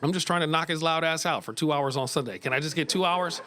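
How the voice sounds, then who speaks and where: A middle-aged American man doing a stand-up set in a small club, animated, often jumping into high voices. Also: fast. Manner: animated, jumps into high squeaky voices for kids. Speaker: stand-up comedian. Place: small comedy club stage.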